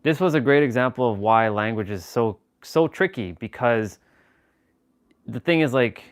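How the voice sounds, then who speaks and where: A man's voice: mid-range voice, lively intonation, normal speed, clear, resonant tone. A man chatting casually on a live stream, rambling and joking as he reacts to viewers' comments.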